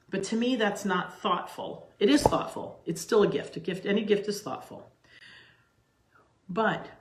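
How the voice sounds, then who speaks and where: A woman's voice: lowish voice, a little hiss or hum. Chatty middle-aged woman in an echoey kitchen. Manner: chatty and rambling, many asides and restarts. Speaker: cooking channel host. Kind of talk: casual chat to camera. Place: home kitchen, indoors. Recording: roomy, echoey kitchen sound.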